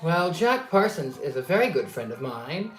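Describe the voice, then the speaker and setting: A man's voice: a little high, sing-song, normal speed, faint music behind. Psychic host, male, rambling casual storyteller, echoey room. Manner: chatty, digressive, with many fillers and restarts. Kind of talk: casual live-stream storytelling. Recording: roomy echo.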